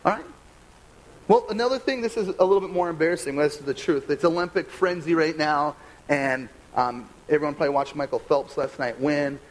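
A young adult American man, a pastor giving a conversational, animated sermon full of rhetorical questions. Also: on the high side, a little fast, low-quality recording. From United States.

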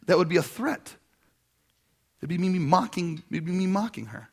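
A man preaching a sermon as a pastor, telling a personal story in an animated way and acting out the voices he quotes. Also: on the high side, moderate pace, slightly rough.

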